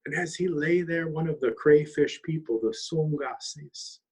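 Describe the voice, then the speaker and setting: A man telling a traditional trickster story aloud, lively and weaving in Abenaki words. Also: on the high side, measured pace, slightly rough, rough recording. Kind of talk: oral storytelling. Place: longhouse.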